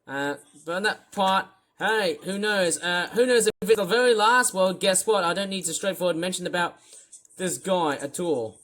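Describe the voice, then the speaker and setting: A man talks through a rambling reaction commentary, exasperated and swearing freely. His voice is bright and cutting. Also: sits high, moderate pace. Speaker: video commentator.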